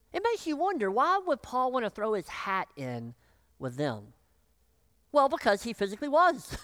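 Preacher, choked up, throat-clearing, slow delivery, dry close sound. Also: medium pitch, no room sound. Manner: animated, acts out voices of biblical figures. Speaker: pastor. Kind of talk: sermon.

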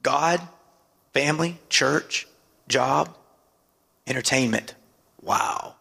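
A high-pitched, gravelly man delivers a sermon as pastor, calling for amens and sinking his voice for emphasis. His tone is bright and forceful. The sound carries a long hall reverb. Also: expressive, a little slow, pauses often. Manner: preaching with call-and-response asides and dramatic drops in pitch.

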